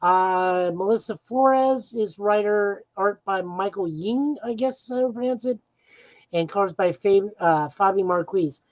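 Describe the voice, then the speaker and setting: A woman's voice: medium pitch, measured pace, a little mellow, dry recording, rough recording. A woman co-hosting a podcast, eagerly recapping comic book plots in a casual chat with frequent "uh"s. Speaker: podcast co-host.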